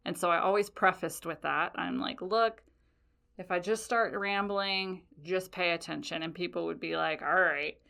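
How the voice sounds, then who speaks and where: Woman, podcast host, casual storytelling, rambling, profane, animated. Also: mid-range voice.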